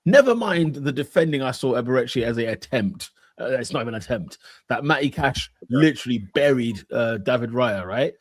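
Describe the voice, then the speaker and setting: A man co-hosting a podcast, talking football casually and acting out his own reactions with animated emphasis. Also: mid-range voice, fairly quick, few pauses, dry recording, studio quality. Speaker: podcast co-host.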